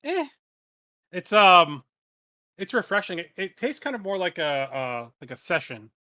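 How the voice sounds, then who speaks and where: A man co-hosting a podcast, chatting in a relaxed, upbeat way with many fillers. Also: high-pitched, unhurried, no room sound, clean studio sound. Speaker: podcast co-host. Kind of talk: casual chat.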